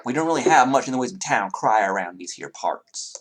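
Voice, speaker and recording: A man's voice: medium pitch, animated, brisk, close to an everyday voice. A man from the Southern US voicing a polite, fussy Southern town official in a tabletop game, with a put-on Southern drawl. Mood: courteous drawl.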